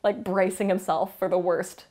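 A woman rambling casually about a book she loves, with an animated, gushing fan manner and frequent laughter. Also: medium pitch, normal speed. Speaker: book vlogger. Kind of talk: casual book review chat.

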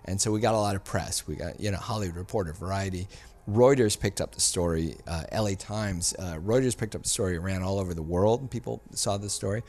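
A man, a filmmaker guest on a podcast, telling a story in a casual, animated way and acting out the people he quotes. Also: on the low side, brisk, vocal fry. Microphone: studio mic.

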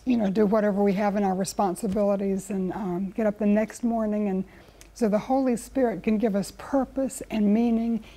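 A woman's voice: mid-range voice, steady tone, brisk, mellow. A woman, a guest Bible teacher speaking in an earnest, conversational teaching style. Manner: earnest, storytelling with acted quotes.

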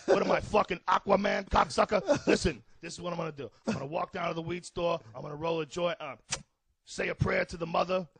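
A man's voice: high voice, quick pace, vocal fry, a bit bright, breathy edge, no room sound, pitched above the performer's own voice, full character voice. A man doing a brash foul-mouthed comic. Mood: ranting. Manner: swearing, bellowing, taunting insults. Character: brash foul-mouthed middle-aged male comic, loud and cocky.

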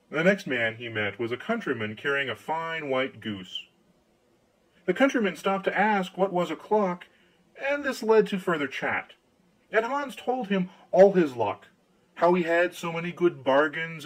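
Guy narrating a fairy tale audiobook, super lively pitch, kinda high. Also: low-quality recording. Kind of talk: scripted storybook narration.

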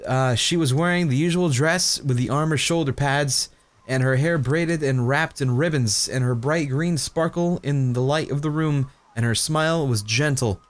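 A man's voice: mid-range voice, normal speed. A man in his twenties reading a fanfic aloud while playing a game, casual and stumbling, swearing at his own slips. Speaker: YouTuber.

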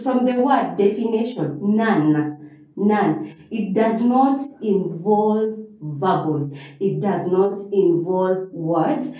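A woman teaches a revision lesson, going over each point several times and checking in with a rising "okay?". Her tone is mellow and relaxed. She sounds distant, in a very echoey room. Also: medium pitch. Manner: repeats key phrases, frequent rising "okay?" checks. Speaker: English teacher.

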